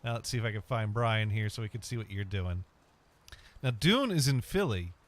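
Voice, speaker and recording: A man's voice: lowish voice, lively intonation, moderate pace. Dry-joking man hosting a game stream. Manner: rambling, dry jokes, reads chat aloud. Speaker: streamer host. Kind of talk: casual gaming stream chat. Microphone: webcam and desk mic.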